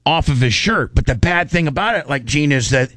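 A man in casual chat as a radio show co-host, telling rambling, excitable stories full of restarts. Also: fairly high pitch, a little fast, no room sound.

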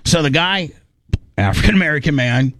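A man's voice: a little high, lively intonation, brisk, a bit bright, dry recording. A man telling a long funny story in casual chat, rambling and acting out the people in it. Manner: rambling, acts out quotes, laughs while telling.

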